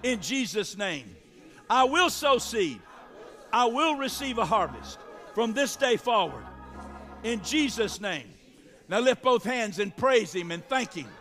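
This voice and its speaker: A man preaches to his congregation, his voice pitched high. He drives his points home with repeated calls and responses in the manner of a pastor. The sound carries the long reverb of a large church hall. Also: sing-song, a little slow, fairly bright tone, soft background music, some chatter behind. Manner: preaching with call-and-response, repetitive exhortations. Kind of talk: sermon.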